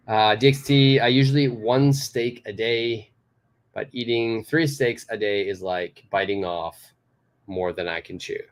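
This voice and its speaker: In a slow, medium-pitched voice, a Canadian man leads a live online lesson on English idioms from a home studio in Tokyo. His explanations are patient, and he repeats the key phrases.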